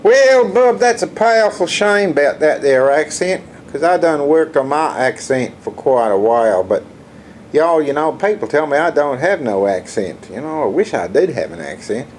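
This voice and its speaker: A folksy cowboy, as a man puts him on, drawls in an overdone Southern twang. His pitch swings widely from phrase to phrase. A faint hiss sits behind him. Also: expressive, moderate pace, natural voice. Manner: exaggerated Southern drawl, hokey folksy slang.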